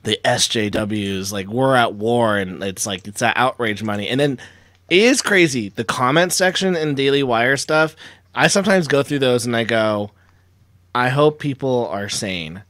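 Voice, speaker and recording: A man's voice: medium pitch, animated, moderate pace, fairly bright tone, no room sound. A man co-hosting a casual podcast chat, rambling and joking, often mimicking other people's voices in quotes. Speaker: co-host.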